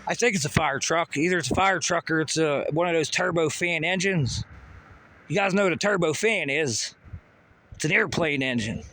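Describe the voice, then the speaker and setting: Recorded on a handheld phone beside a road, with outdoor noise and passing vehicles, a man vlogs a rambling, profane walk-and-talk monologue aimed directly at Russia. He speaks at a moderate pace in a fairly high, bright, forceful voice.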